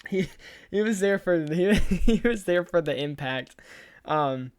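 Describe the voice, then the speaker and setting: Young male podcast co-host, mid-pitched, smooth dry voice, chatty and giggly. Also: expressive, measured pace, dry recording. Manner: rambling, laughs through his story. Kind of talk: casual podcast chat.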